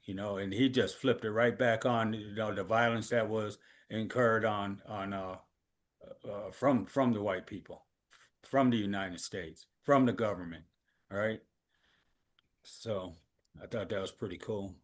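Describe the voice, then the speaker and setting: A man's voice: on the low side, steady tone, a little slow. A man hosting a casual video reaction show, easygoing and choosing his words carefully as he explains. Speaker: host running a reaction show.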